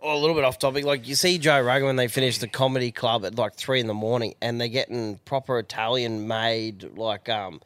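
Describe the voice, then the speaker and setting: A man's voice: mid-range voice, steady tone, brisk, hardly any pauses, a bit bright, smooth, no room sound. An Australian man co-hosting a podcast, chatting in an easygoing, rambling way. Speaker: podcast co-host. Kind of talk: casual chat.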